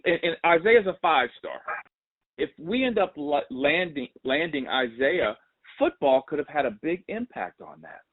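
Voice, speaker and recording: A man hosting a podcast, telling a story in casual talk and acting out the voices of the people in it. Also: mid-range voice. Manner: animated, mimics others' voices when retelling a story. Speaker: podcast host. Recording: tinny phone-like audio.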